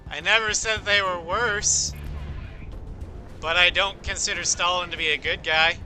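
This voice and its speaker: Male streamer, high bright tone, rambling casual chat over soft game music. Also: fairly even intonation, measured pace. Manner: rambling, musing history talk with fillers. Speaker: livestreamer. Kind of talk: casual chat while gaming.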